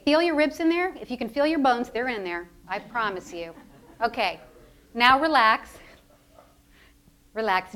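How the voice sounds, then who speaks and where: A high-pitched woman runs a live public speaking workshop, coaching the room through belly breathing. Her talk is encouraging and playful, and she keeps the audience doing the exercises with her. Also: a bit bright. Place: lecture hall with audience.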